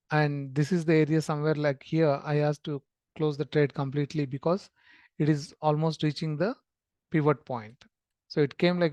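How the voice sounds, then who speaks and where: A man's voice: on the high side, a little mellow, dry recording. A man talking through a screen-shared market chart lesson, explaining step by step with many fillers and restarts. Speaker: trading educator.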